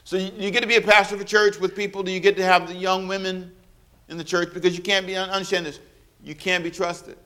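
A man preaching in a church with a bright, fairly high voice. He is lively and playful, tells stories with humor, and leads the congregation in call-and-response. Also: quick pace, smooth. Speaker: pastor. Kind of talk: sermon.

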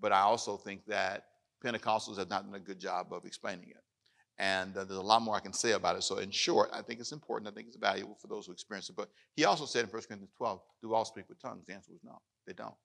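A man pastor preaching in a church, his voice bright and pressing. He climbs in volume when reading scripture and settles to plain talk for questions. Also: lowish voice, fast, creaky. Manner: animated preaching, rising loud on scripture. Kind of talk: sermon with Q&A. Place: church hall with live audience.

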